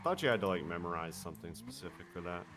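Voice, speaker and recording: A man with a very low, deep voice, chatting in character as a lawyer in a roleplay. He speaks in a laid-back, halting way, restarting his sentences. Clear engine noise runs behind him. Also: lively intonation.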